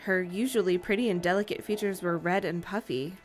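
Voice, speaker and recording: A woman's voice: on the low side, brisk, faint music behind. Woman reading a novel aloud. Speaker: podcast co-reader.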